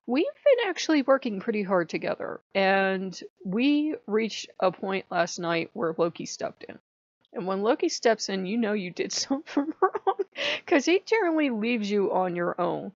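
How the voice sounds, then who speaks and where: A woman's voice: on the high side, unhurried, no echo. Woman chatting on her vlog, laughs a lot, pretty dry close sound, kinda dull lo-fi audio. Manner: chatty, laughs often, animated retelling. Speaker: channel host. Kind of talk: casual spiritual vlog talk.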